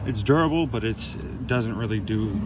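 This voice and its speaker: A young man from Maine talking casually to camera while metal detecting outdoors, rambling and restarting his sentences. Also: on the low side. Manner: rambling, chatty, halting restarts. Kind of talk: casual outdoor vlog narration. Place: outdoors in a cold field. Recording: outdoor wind and ambient noise.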